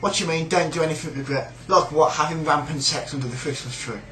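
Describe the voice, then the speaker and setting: A man's voice: fairly high pitch, fast talker, fairly bright tone, roomy sound, soft background music, rough recording. A man with a British accent ranting in a sneering, rambling, sweary way about a coworker. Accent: British English. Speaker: shop worker. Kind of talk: casual rant.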